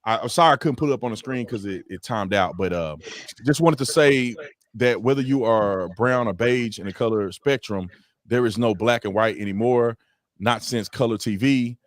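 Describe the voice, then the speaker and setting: A man hosting a casual livestream chat, relaxed and prone to quick restarts. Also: medium pitch, no room sound, clean studio sound. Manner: relaxed, stumbling restarts, easy laughter. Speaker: host.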